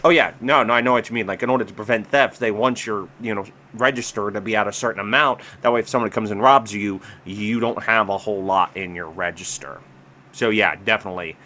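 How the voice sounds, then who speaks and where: A man's voice: fairly low pitch, fast, bright, forceful tone. A man co-hosting a casual reaction chat, rambling and chatty as he reads stories aloud and comments.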